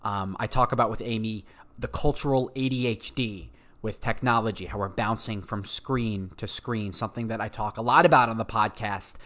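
A man hosting his own podcast, talking in an energetic, restless way and often repeating words as he goes. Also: on the low side, moderate pace. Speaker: podcast host. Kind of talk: podcast intro monologue.

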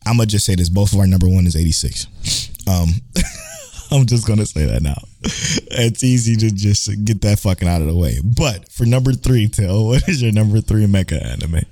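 A man's voice: fairly low pitch, wildly swooping pitch, normal speed, mellow, no room sound. A young man hosting a casual podcast chat, rambling and swearing freely as he corrects himself mid-sentence. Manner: rambling, profane, self-correcting. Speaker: podcast host.

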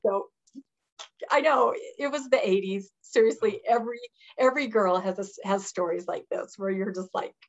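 A woman in her fifties, a guest in an interview, telling stories in a lively conversational way and acting out the voices of the people she quotes. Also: mid-range voice, normal speed, lo-fi sound. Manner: animated storyteller who acts out quoted voices and laughs often. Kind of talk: conversational storytelling.

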